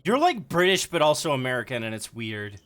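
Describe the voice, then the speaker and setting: Chatty, lively male game streamer. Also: mid-range voice, brisk. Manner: chatty, joking, swears freely. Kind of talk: casual live-stream commentary. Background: game music.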